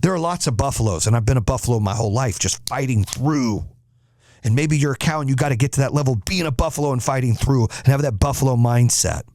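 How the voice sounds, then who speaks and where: A man's voice: mid-range voice, quick pace, a little mellow, no room sound, clean studio sound. Emphatic motivational speaker man. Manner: blunt, emphatic, repetitive, preachy. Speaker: podcast host and motivational speaker. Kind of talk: motivational talk.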